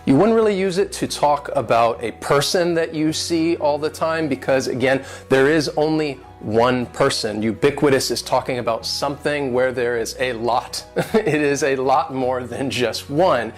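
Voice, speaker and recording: A man teaching English vocabulary in an online lesson. He says each word slowly and carefully, in a friendly, lightly joking way. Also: mid-range voice, faint music behind.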